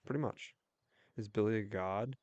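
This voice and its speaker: A young man chatting casually while livestreaming a game, telling a rambling story with quick restarts. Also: fairly low pitch, a little mellow, no room sound. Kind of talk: casual chat while gaming.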